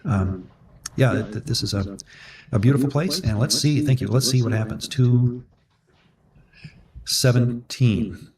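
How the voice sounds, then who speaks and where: A man's voice: mid-range voice, unhurried, pauses often, darkish tone, distant mic, slight background noise. A man from Minnesota leading a casual Bible discussion, chatty and rambling, often restarting his sentences. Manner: rambling, chatty storyteller with self-corrections. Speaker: Bible study co-host.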